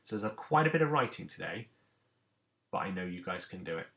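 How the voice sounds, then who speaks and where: A man's voice: low voice, big pitch swings, fairly quick, creaky, a bit bright. A man, a teacher giving a recorded lesson to children and explaining each step patiently. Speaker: primary school teacher.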